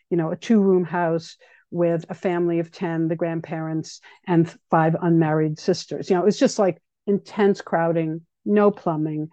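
A woman giving an earnest, measured personal account in a radio interview, often thinking aloud with fillers. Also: on the low side, dark tone, no room sound, muffled recording. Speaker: guest speaking about her activism.

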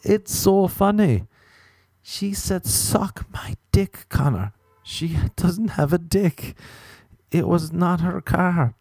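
A man doing a giggly high-voiced guy retelling a joke. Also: lively intonation, slow pace, creaky, a little mellow, no room sound, exaggerated voice. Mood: insistent. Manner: high giggly voice, endlessly repeating himself. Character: giggling young man who keeps explaining a joke.

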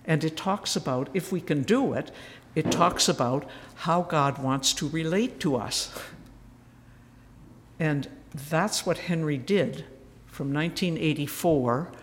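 A woman's voice: deep voice, slow, slight background noise. A woman speaks at a spiritual retreat in a storytelling manner, voicing each person she quotes and letting some lines fall to a near whisper. The sound carries a long reverberant tail, as in a hall. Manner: storytelling, acting out quoted voices, dropping to a whisper.

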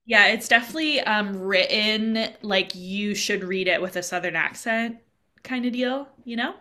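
A woman's voice: mid-range voice, moderate pace, sharp tone. A woman co-hosting a podcast in casual chat, talking freely and quoting her own thoughts aloud. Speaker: podcast co-host.

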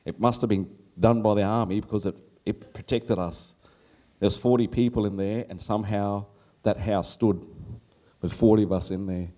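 A middle-aged Australian man speaks at a moderate pace in a fairly low voice as he tells a personal story at a live storytelling event. Animated and laughing on stage, he jumps his voice up when quoting his younger self.

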